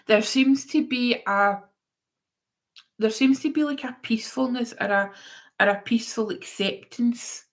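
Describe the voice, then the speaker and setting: A woman giving a live-stream tarot reading in a chatty, rambling way, often going off on tangents. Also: a little high. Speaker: tarot reader.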